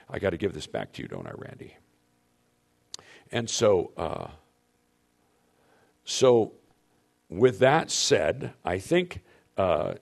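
A man leading a marriage seminar for couples, speaking emphatically and addressing the audience directly on a handheld microphone. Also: medium pitch. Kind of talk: teaching talk to couples.

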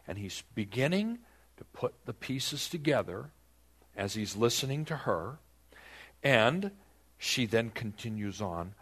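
Animated husky-voiced preacher man. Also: medium pitch, a little slow. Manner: animated, rhetorical questions, dramatizes the text. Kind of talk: sermon, Bible teaching.

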